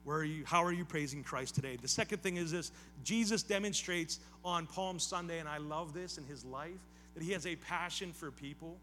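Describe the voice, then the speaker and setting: A man preaching to his congregation in a high, bright voice. He keeps it conversational with casual asides, then repeats phrases and leans into emphatic appeals. A faint hum sits under the recording. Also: normal speed. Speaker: pastor. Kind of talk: sermon.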